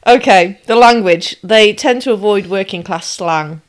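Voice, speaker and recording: A young woman co-hosting a casual chat, explaining points in a measured way and rattling off lists. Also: mid-range voice. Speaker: co-host.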